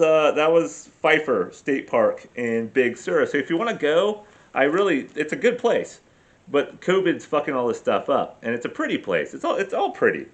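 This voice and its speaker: A man rambling through a casual travel vlog, swearing freely and telling self-deprecating stories about his camping trip with his family. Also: fairly high pitch. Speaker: vlogger.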